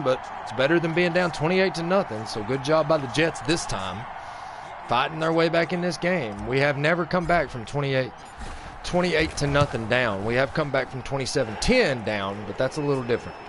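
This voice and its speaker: A man hosting a sports video game channel, giving let's-play commentary in a mock play-by-play style. He vents and swings between flat grumbling and excited outbursts. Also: on the high side, background noise. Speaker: gaming channel host.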